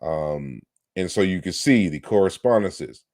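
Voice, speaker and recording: A man's voice: sits low, expressive, measured pace, a little mellow, no echo, clean studio sound. A man giving an online lecture on word comparisons, explaining patiently and turning combative toward critics. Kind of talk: online lecture on historical linguistics.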